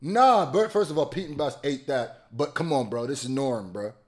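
A man, a rapper, giving casual, animated commentary full of slang and exclamations while reacting to a music video. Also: medium pitch, normal speed, very noisy.

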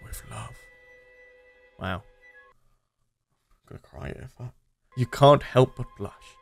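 A man's voice: mid-range voice, slow pace, music in the background. A man hosting a gaming video, reading a text game aloud with sardonic, laughing commentary. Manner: sardonic, laughing at the absurd story.

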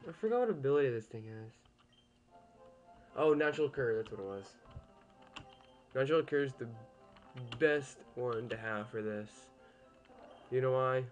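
A man's voice: medium pitch, lively intonation, moderate pace, long pauses, lo-fi sound, faint music behind. A young man casually commentating a game he is playing at home, chatty and easily annoyed, swearing at the game now and then. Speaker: gameplay commentator.

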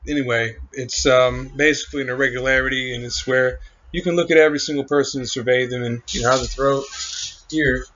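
A man talking in a rambling, halting monologue, full of fillers and trailing thoughts. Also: medium pitch, fairly even intonation, fairly bright tone, a little hiss or hum. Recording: muffled lo-fi recording.

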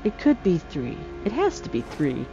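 A woman talking casually over her own gameplay, chatty and excitable, laughing often. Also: low-pitched, moderate pace, over music. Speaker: gamer. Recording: slightly dull lo-fi sound.

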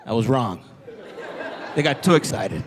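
A man doing a stand-up comedy set on a theater stage, telling stories with lively voices for his relatives and teachers. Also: mid-range voice, a little slow, crowd noise. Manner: animated storytelling, acting out relatives and teachers. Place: theater stage before a live audience. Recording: live theater audience and noise.

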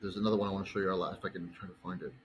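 A man's voice: low voice, level tone, racing, a little hiss or hum, poor audio. A male bodybuilding coach telling an angry personal story, heated, profane and rambling.

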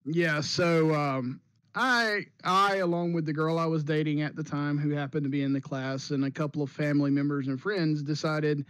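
A podcast host tells a long story in a loose, animated way, often repeating words as he restarts. His voice sits a little high for a man. The sound is dry and close. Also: moderate pace, dry recording. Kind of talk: casual storytelling chat.

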